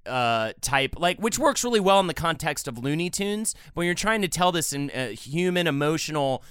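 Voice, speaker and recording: A man's voice: on the high side, lively intonation, normal speed, fairly bright tone, clean tone, no room sound, studio quality. A man co-hosting a podcast, chatting casually and enthusiastically about a film. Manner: enthusiastic, jokey, reads out quotes. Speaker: podcast co-host.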